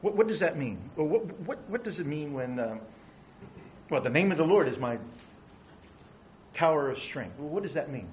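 A man's voice: a little high, sing-song, moderate pace, long pauses, a little hiss or hum, low-quality recording. A middle-aged man preaching a conversational sermon, asking his listeners questions. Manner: conversational, asks the audience questions. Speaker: pastor.

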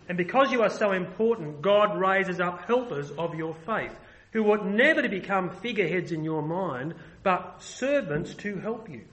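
Male preacher, high-pitched, emphatic sermon delivery with frequent restarts. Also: a bit bright, low-quality recording.

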